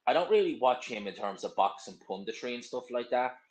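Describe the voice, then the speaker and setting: A man's voice: medium pitch, lively intonation, fairly quick, reverberant, a little hiss or hum, low-quality recording. A young man hosting a casual live stream, reading out viewer comments and answering in a blunt, rambling, opinionated way. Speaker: livestream host.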